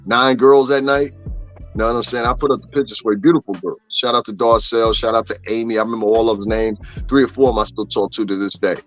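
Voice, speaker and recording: A man's voice: fairly low pitch, steady tone, quick pace, a bit bright. A man hosting a casual gossip livestream, joking, swearing and talking straight to his chat. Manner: profane, joking, talks to chat. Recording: slightly dull, faint music behind.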